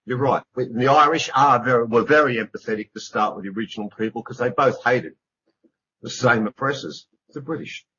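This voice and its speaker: A man's voice: medium pitch, brisk, pushed and bright, slightly rough. A middle-aged man, an author speaking as a radio interview guest, earnest and emphatic, repeating words for stress. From Australia. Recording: dull lo-fi radio recording.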